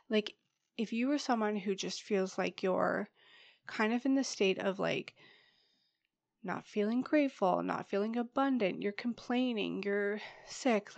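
A young woman hosting her podcast alone, speaking in an open, chatty way with lots of "you guys" and "like." A head cold leaves her a touch husky and stuffed-up, her voice sitting at an ordinary middle pitch. The recording is close and dry, with no room sound. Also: no echo. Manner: chatty and candid, often says "you guys" and "like". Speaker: podcast host. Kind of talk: solo podcast monologue.

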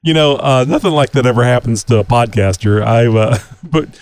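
A man's voice: mid-range voice, normal speed, a little mellow. Male podcast host, casual, rambling, filler-heavy delivery. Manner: rambling, many fillers and restarts, laughs often. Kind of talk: casual podcast chat over a video call. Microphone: video call.

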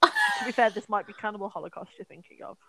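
A woman's voice: mid-range voice, huge pitch swings, fast talker, sharp tone, slightly rough, dry recording, rough recording. A young woman co-hosting a podcast, casually retelling a film with lots of fillers, swearing and acted-out quotes. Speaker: podcast co-host.

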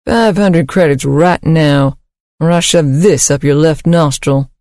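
A man voicing a weary, hard-up male robot repairman who speaks gruffly and curtly. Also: a little high, a little slow, darkish tone, no echo, studio quality.

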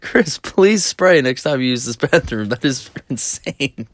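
A man voicing his sweet little old lady boss, higher-pitched and incredulous. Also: animated, measured pace, dry recording.

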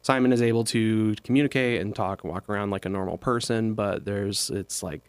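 A man's voice: fairly low pitch, brisk, clear, resonant tone, dry recording. A young man co-hosting a casual chat, explaining things at length with hesitations. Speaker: podcast co-host.

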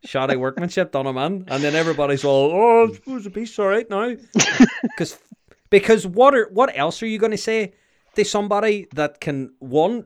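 A young man, telling rambling, sweary stories in casual banter with a friend. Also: on the high side. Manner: animated, swearing, rambling storytelling.

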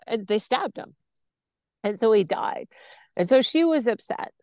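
Animated woman telling a personal story. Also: mid-range voice, a little slow, long pauses, no echo. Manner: animated, acts out other people's voices while telling the story; blunt and impassioned, swears freely. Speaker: podcast guest.

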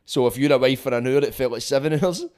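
Fast-talking Glaswegian man, sweary and blunt. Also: medium pitch, a little mellow, clean tone. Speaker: podcast host. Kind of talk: casual chat.

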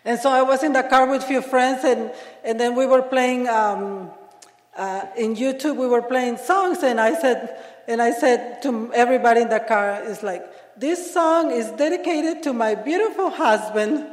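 A woman's voice: on the high side, moderate pace. A woman sharing her story as a speaker on a conference panel, laughing often and restarting her sentences. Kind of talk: personal recovery share. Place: large conference hall. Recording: echoey hall.

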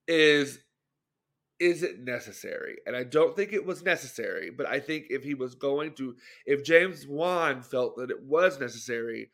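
A man's voice: medium pitch, lively intonation, moderate pace, a bit bright. A young adult man co-hosting a podcast, chatting casually about films, hedging and second-guessing himself with many restarts. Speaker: podcast co-host. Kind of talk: casual film chat.

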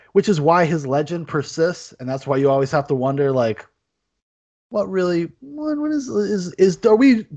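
A man's voice: on the high side, darkish tone. A man hosting a casual movie review podcast, rambling with lots of fillers and restarts. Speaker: podcast host. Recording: dull lo-fi podcast audio.

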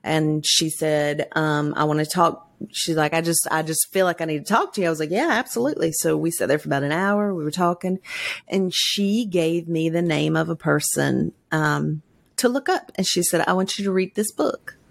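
A woman with a low, gravelly voice chats as a podcast co-host. She tells stories bluntly and with animation, swearing freely. The sound is dry and close. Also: normal speed, no room sound. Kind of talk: casual chat.

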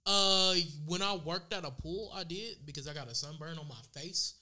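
A man's voice: fairly high pitch, normal speed, sharp tone. A man chatting casually on a podcast, telling stories with dry, laid-back humor. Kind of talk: casual chat.

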